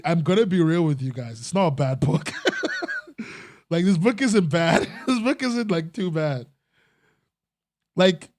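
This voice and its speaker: A man's voice: on the high side, darkish tone, no echo, studio quality. A young man hosting a casual podcast chat, rambling and breaking off mid-sentence, often laughing at himself. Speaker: podcast host.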